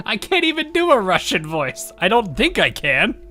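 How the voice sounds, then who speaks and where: A man's voice: high-pitched, wildly swooping pitch, normal speed, pushed and bright, faint music behind. An American man giving casual commentary while playing a game, rambling into asides and laughing often. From United States. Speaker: game streamer.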